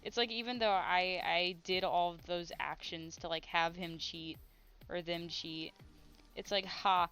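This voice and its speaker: A woman's voice: on the low side, fairly even intonation, unhurried, a bit bright, clear, resonant tone, faint music behind. A woman streaming while she draws, chatting in a rambling, giggly way. She has a headache. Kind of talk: casual chat while drawing on stream.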